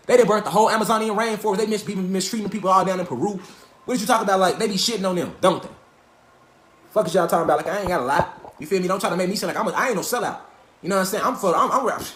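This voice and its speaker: Man, high and quick; emphatic, profane livestream lecturer. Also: a bit bright. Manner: profane, emphatic, repeats rhetorical questions. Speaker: online lecturer. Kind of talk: animated livestream rant. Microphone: phone or webcam.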